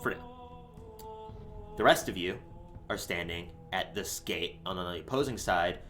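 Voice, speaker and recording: A man narrating as game master of a tabletop role-playing game, in a relaxed, rambling way with many fillers. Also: sits low, normal speed, soft background music.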